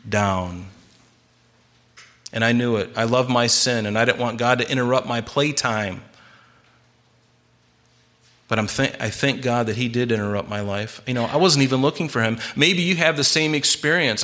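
A man's voice: mid-range voice, fairly bright tone. A man preaching a sermon, earnest and emphatic, with frequent restarts and repeated words. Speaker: pastor.

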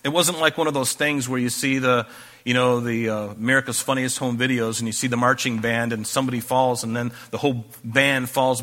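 A man's voice: mid-range voice, pushed and bright. A man preaching a sermon, reading scripture aloud and breaking off into conversational asides. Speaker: pastor.

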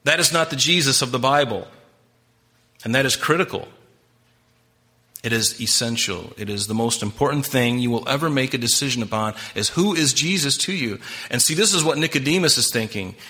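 Guy preaching a sermon, bright forceful voice, really emphatic, talks right at the congregation. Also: medium pitch, lively intonation, a little fast. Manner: emphatic, impassioned preaching, directly addressing the congregation. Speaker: pastor.

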